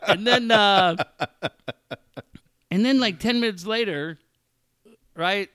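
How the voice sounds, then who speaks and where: A man's voice: high voice, takes it slowly, clear, resonant tone, no room sound, clean studio sound. A man in his forties hosting a talk show, telling stories in casual chat and acting out quoted dialogue. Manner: storytelling with animated quoted dialogue. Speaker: radio show host.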